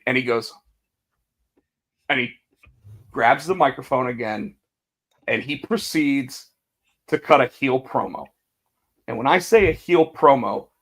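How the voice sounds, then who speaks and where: A man co-hosting a casual wrestling podcast, telling the story with energy, acting out quotes and restarting his sentences often. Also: mid-range voice. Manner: animated storytelling, acts out quotes, many restarts. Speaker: podcast co-host.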